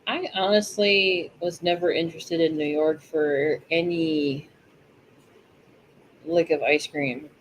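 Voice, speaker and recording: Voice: mid-range voice, steady tone, slow pace, rough recording. A chatty podcast co-host talking casually and laughing easily. A faint background noise sits under the voice. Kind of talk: casual chat.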